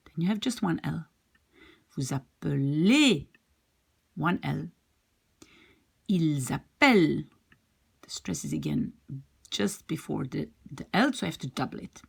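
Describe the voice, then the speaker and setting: Speaking Dutch as her first language, a woman teaches a language lesson, patiently explaining and repeating examples step by step. Her voice sits low at a moderate pace, with vocal fry and a breathy edge.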